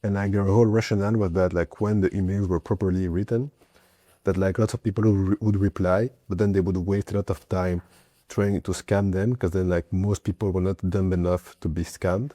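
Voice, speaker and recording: A man's voice: low voice, fairly even intonation, fairly quick, dark tone, no room sound. A man hosting a casual chat, talking loosely with many fillers and asides. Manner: chatty, many fillers and hedges. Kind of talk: casual conversation.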